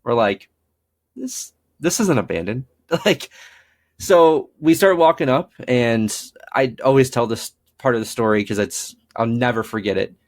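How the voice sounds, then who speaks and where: A young man talks through his ghost-hunting past in a loose, rambling way, full of "um" and "like." He slips into little voices when he quotes people. His pitch sits in the middle range for a man. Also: measured pace. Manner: rambling, frequent fillers, acts out quoted dialogue. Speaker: paranormal investigator guest. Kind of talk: casual storytelling interview.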